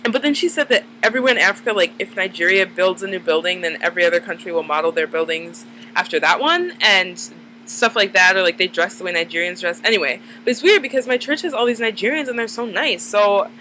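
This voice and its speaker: A woman's voice: medium pitch, fast, sharp tone, slight background noise, poor audio. A woman in her twenties, chatting casually to camera, rambling and full of "like" fillers. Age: 20s. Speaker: vlogger. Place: dim room at night.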